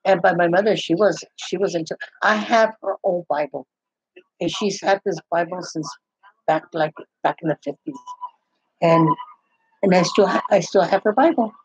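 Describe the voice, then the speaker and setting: A woman's voice: fairly low pitch, moderate pace, breathy edge, dry recording. An older woman chatting casually, rambling, with many restarts and retold conversations. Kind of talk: casual chat. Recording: dull, muffled, lo-fi sound.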